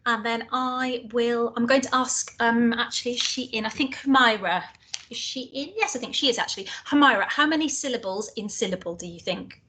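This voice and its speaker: A somewhat higher-voiced woman talks through classroom tips in a relaxed, chatty manner. She speaks during an online teaching session. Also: a little fast.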